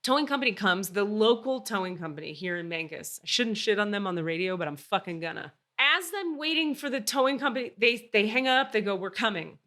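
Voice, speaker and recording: A woman hosting a podcast, telling a story in casual chat, animated and swearing freely. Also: medium pitch, brisk, hardly any pauses. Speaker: podcast host.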